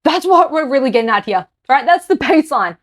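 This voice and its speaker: A woman's voice: sits high, animated, a little fast. An Australian woman, a podcast host, delivering an angry, blunt political rant to camera. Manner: heated, exasperated, speaks her mind bluntly.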